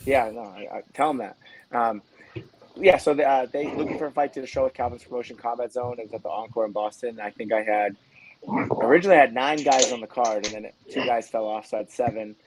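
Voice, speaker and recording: A man's voice: medium pitch, steady tone, background noise. A man from New England, a coach guest on a casual podcast, talking with many restarts. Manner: fast, rambling, many restarts.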